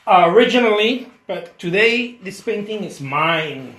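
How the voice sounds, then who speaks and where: A man with a high, bright voice chats casually while he paints live for his viewers. He is playful and mocks himself with grand boasts. The sound is echoey, as if from a bare studio room. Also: animated, unhurried, few pauses. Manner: playful, self-mocking boasts; chatty, thanks viewers by name.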